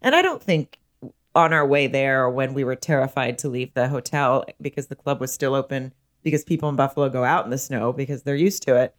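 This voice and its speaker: A woman's voice: a bass voice, fairly quick. A woman comedian co-hosting a podcast, chatting casually in a blunt, profane, chatty way. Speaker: podcast co-host. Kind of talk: casual chat.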